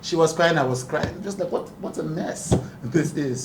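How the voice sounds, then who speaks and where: A man's voice: fairly high pitch, a little slow. A man, a talk show host speaking earnestly and emphatically at a press conference, often breaking into laughter. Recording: echoey room, distant mic, background noise.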